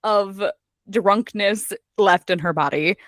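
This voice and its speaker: A woman's voice: medium pitch, measured pace, no echo, clean studio sound. A woman hosting a book club podcast, chatting casually and acting out characters' lines with frequent swearing. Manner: animated, swears freely, acts out characters' lines. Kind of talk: casual chat recapping a book.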